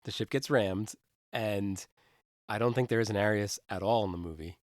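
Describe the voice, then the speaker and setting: A man's voice: on the low side, normal speed, no room sound. A man co-hosting a podcast, summarizing movie scenes in a dry, wry way. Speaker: podcast co-host. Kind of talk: casual film discussion.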